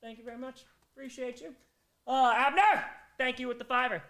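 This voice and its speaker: This man's pitch is extremely high, his delivery fairly quick, creaky and a bit bright, with reverb around it. A day without sleep has left him exhausted as he thanks donors one after another on a live charity stream, flipping between energy and mumbled fatigue.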